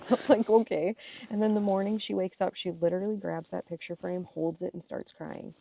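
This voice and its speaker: A woman's voice: mid-range voice, normal speed, gravelly, distant mic, a little hiss or hum. A woman co-hosting a casual podcast from a boat on a marsh, telling family stories and acting out the voices she quotes. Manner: animated storyteller, acts out quoted lines. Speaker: podcast co-host. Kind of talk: casual chat.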